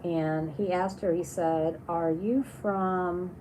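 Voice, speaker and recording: A woman's voice: lowish voice, steady tone, slow, dark tone, slight background noise, low-quality recording. A woman hosting a casual livestream, reading viewer comments aloud and chatting on in a rambling way with many restarts. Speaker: livestream host.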